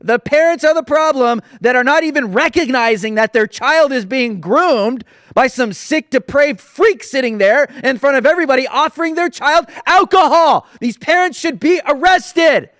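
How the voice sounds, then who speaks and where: A man's voice: extremely high pitch, moderate pace, few pauses, a bit bright, dry recording, studio quality. A man hosting a political commentary show, talking in an indignant, sarcastic, emphatic way. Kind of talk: opinionated commentary.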